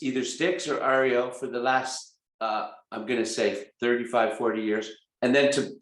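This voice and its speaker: A man in his sixties, a rock singer, telling lively stories in a casual interview and acting out the voices of people he quotes. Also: mid-range voice. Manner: animated anecdotes, acts out quoted voices. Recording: roomy echo.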